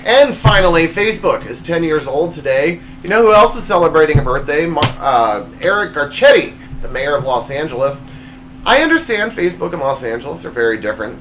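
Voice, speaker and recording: A man's voice: sing-song, a little fast, a bit bright, a little hiss or hum. A man hosting his own comedy show, reading joke punchlines with playful swings in his voice. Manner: jokey, reads punchlines with big pitch swings. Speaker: show host. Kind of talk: comedy monologue.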